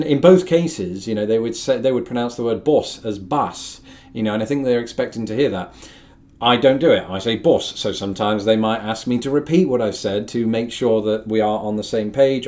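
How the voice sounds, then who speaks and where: A man's voice: medium pitch, a little mellow. A young man from the North of England, hosting a casual chat to camera with wry, self-deprecating asides. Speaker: host.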